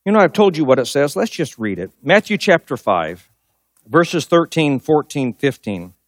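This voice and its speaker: Speaking at a moderate pace in a slightly high voice that swings widely in pitch, a middle-aged pastor tells a personal story during his sermon. He stresses his points by repeating them, and the studio recording is dry.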